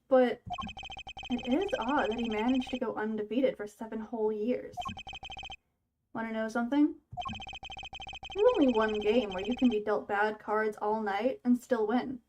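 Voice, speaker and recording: A woman reading the lines of a calm, mysterious man, a former lawyer who now plays poker, in a laid-back, teasing way. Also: fairly high pitch, lo-fi sound, noisy background, lightly acted. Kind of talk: reading game dialogue aloud. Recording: game music playing behind.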